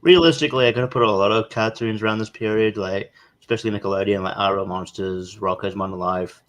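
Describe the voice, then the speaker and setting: A man on a panel talking in a relaxed, slangy way about cartoons he loved. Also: on the low side, fast talker. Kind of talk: casual chat.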